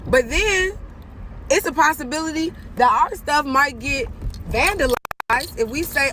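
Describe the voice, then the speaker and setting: A woman's voice: sits high, animated, measured pace, noisy background. A woman hosting, reacting to clips in earnest casual commentary, thinking aloud.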